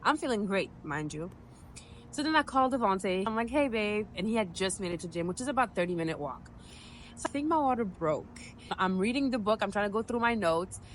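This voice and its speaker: A young woman vlogger casually telling her own story to the camera, chatty and animated, acting out her reactions. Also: medium pitch, a little fast, slight background noise, rough recording.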